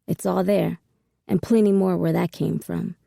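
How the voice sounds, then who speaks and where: A cocky, streetwise male hustler who talks with swagger in a gravelly, warm voice, as a woman narrator plays him. The sound is dry and close, with no room around it. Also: lowish voice, steady tone, moderate pace, no echo. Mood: commanding.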